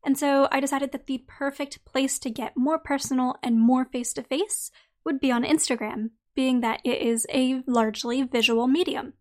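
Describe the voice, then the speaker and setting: A woman hosting a podcast who talks straight to her listeners in a friendly way and then reads out her own article, her voice slightly croaky today. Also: high-pitched, fairly even intonation, normal speed, a little mellow. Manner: friendly, direct address to listeners. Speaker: podcast host. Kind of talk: podcast monologue and article reading.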